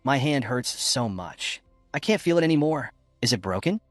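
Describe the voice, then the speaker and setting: A man's voice: mid-range voice, very animated, moderate pace, no room sound, soft background music, natural voice. Male narrator as a cowardly young thug, menacing but whiny. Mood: whining. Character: cowardly bullying young man, threatening then whining.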